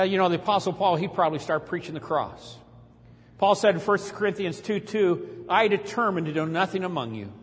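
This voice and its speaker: Preacher guy telling a story from the pulpit, dramatic, kinda high voice, big hall echo. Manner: dramatic retelling, voice rising when preaching. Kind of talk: sermon storytelling. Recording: long hall reverb.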